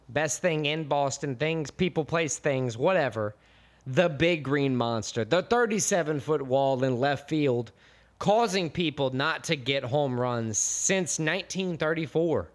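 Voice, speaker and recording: A man's voice: a little high, animated, unhurried. An American man co-hosting a podcast, chatting casually and rambling with restarts. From United States. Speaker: podcast co-host. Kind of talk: casual chat.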